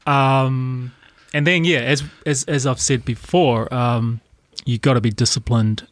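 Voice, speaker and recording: A man's voice: medium pitch, fairly even intonation, measured pace, no room sound. A man co-hosting a podcast, talking casually and rambling, checking in often with "right?". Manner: rambling, lots of "right?" and "yeah". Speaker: podcast co-host.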